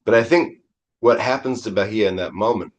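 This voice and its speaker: A Zen priest giving a dharma talk in a deep, low voice. He retells an old story conversationally, with casual asides and lively emphasis. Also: fairly quick. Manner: conversational, animated telling.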